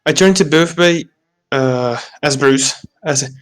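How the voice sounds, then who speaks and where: A man's voice: on the high side, a little slow. A man playing a tabletop game, plainly describing what his character does. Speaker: player.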